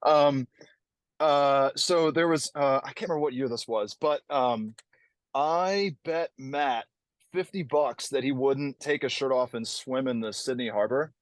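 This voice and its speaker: A man from the United States talks easily as a guest on an interview show. He tells his stories in a lively way and laughs between sentences. The sound is dry and close, with no room echo. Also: mid-range voice, measured pace. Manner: laughs often, animated storyteller. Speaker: guest musician. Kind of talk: casual interview chat.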